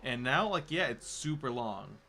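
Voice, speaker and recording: A man's voice: mid-range voice, big pitch swings, a little slow, creaky, bright, forceful tone. A young man, a game developer, chatting casually with a co-host, teasing and laughing often. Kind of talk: casual chat while working.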